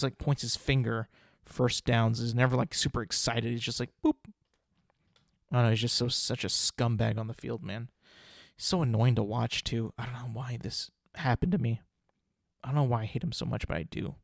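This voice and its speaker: Guy rambling on his podcast about football, mid-pitched voice, dry close mic, lots of ums and repeats. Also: fairly even intonation, brisk, gravelly, dry recording. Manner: rambling, opinionated, with frequent fillers and repeats. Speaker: podcast host. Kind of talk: casual sports chat.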